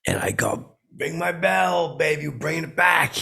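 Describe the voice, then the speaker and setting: A man voices a boastful, belligerent has-been telling a long comedy podcast story. His voice is low and gravelly, with a husky rasp and a forceful edge. He rambles and stalls through fillers and false starts. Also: heavily acted. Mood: rambling. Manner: rambling, halting, full of fillers and restarts. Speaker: podcast host in character. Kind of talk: in-character comedy podcast monologue.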